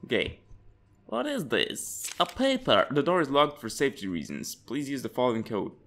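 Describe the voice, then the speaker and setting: A man's voice: mid-range voice, normal speed. A young man hosting a horror game let's play, reading notes aloud and yelping and swearing when startled. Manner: jumpy and excitable, yelps and swears when startled. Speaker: gaming channel host.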